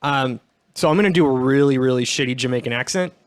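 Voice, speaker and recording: A man co-hosting a comedy podcast, cutting in with quick, wry asides. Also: medium pitch, smooth. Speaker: podcast co-host. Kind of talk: casual comedic chat over a call.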